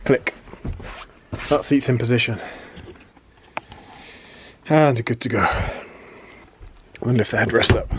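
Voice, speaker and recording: A man's voice: medium pitch, slow pace, pauses often. A British man giving casual commentary while fitting out a van, swearing freely and making dry, self-mocking asides. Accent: British English. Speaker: van conversion vlogger. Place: workshop, under and inside a van. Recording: noisy workshop recording with clicks.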